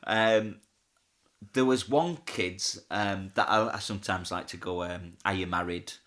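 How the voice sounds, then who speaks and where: A man's voice: fairly low pitch, unhurried, a bit bright. A man, a pantomime comic telling stories in a casual interview, chatty and often laughing. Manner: chatty, laughs often, acts out quoted voices.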